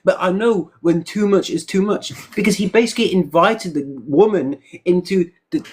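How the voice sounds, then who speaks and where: A man's voice: high-pitched, moderate pace, slightly rough. A man in casual podcast chat, opinionated and emphatic, with frequent "you know" asides. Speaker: podcast co-host.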